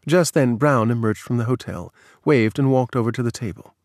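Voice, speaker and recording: A man reads a magazine article aloud in a measured, even storytelling manner. His voice sits at a middling pitch and sounds close and dry. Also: no echo. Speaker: narrator. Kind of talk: scripted narration of a magazine article.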